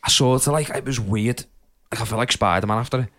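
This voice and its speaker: A man's voice: medium pitch, quick pace, a bit bright. A young man telling a rambling childhood story on a podcast, laughing often and using lots of fillers. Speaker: podcast co-host. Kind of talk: casual storytelling chat.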